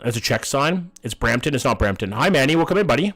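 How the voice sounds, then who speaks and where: A man's voice: medium pitch, lively intonation, fast, a bit bright, slightly rough. A young man, casually chatting and swearing while playing a map-guessing game on a live stream and greeting his chat.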